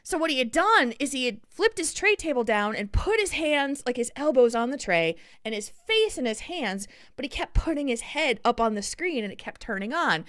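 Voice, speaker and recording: A woman podcast co-host telling a story in casual chat, animated and acting out the people in it. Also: high-pitched, normal speed, hardly any pauses, dry recording, studio quality.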